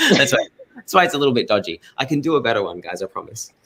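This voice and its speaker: An actor chatting casually on a video call, rambling and self-deprecating, laughing often. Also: male voice, mid-range voice, very animated, fast talker, pushed and bright, husky. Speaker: actor guest.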